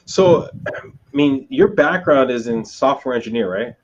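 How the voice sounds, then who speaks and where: A man's voice: medium pitch, animated, measured pace. Man interviewing over a dull line. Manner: probing, repeats words while searching for questions. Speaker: interview host. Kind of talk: casual interview.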